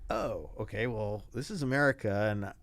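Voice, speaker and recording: An older man, a retired Navy pilot, telling animated stories as an interview guest and acting out the people he quotes. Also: fairly low pitch, normal speed, dry recording. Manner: animated anecdotes, acts out quoted voices. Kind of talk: casual interview storytelling.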